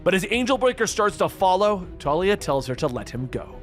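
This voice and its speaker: A man narrating a comic book story, reading out every character's lines in the same even voice. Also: sits high, a little fast, soft background music.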